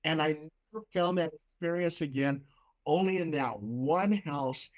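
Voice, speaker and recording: A man spins a haunted-house tale with lively, profane energy. His voice sits a little high, and the recording is dull and lo-fi. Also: measured pace. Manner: animated, profane storyteller. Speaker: paranormal investigator. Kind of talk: storytelling in casual talk.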